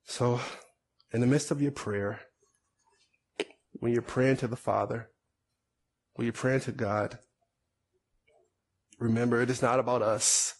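A man preaching a sermon, his pitch and volume swinging between loud stretches and soft ones. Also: fairly even intonation, a little slow, pauses often. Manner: preaching with sweeping rises and drops in pitch and volume. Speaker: pastor.

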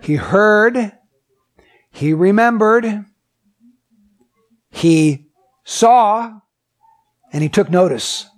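A man's voice: sits high, lively intonation, drawn-out words, pauses often. A man preaching a sermon. He reads scripture aloud, asks the listeners many questions, and repeats his points with emphasis. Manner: emphatic and repetitive.

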